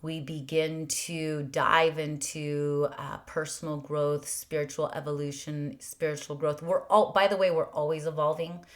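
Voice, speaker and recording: A woman hosting a podcast, giving a reflective spiritual monologue in an earnest way, stacking rhetorical questions and sometimes dropping to a breathy near-whisper. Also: low voice, flat delivery, measured pace, hardly any pauses. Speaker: podcast host.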